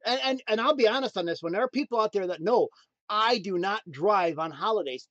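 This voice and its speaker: A man's voice: high-pitched, no echo, dull audio. Emphatic motivational speaker man, dry sound. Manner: preachy, emphatic, swings between loud punches and quiet asides. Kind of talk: motivational talk.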